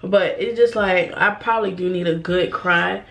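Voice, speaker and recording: A young woman vlogging while doing her makeup, holding back tears and talking in a halting, repetitive way. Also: on the low side, steady tone, a bit bright. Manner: halting, emotional, repeats herself, sighs. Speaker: beauty vlogger. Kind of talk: get-ready-with-me chat.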